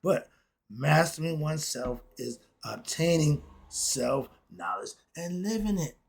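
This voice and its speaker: Man, husky voice, slightly high pitch, emphatic, blunt, cursing, solo talk. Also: sing-song, slow. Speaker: self-styled philosophy teacher.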